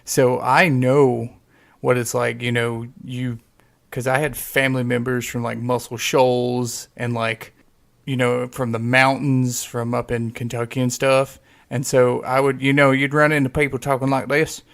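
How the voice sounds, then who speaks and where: A man's voice: medium pitch, level tone, measured pace, vocal fry, a bit bright. A man from the southern United States with a neutral American accent, chatting casually as a podcast co-host. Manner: chatty, laughs, mimics voices.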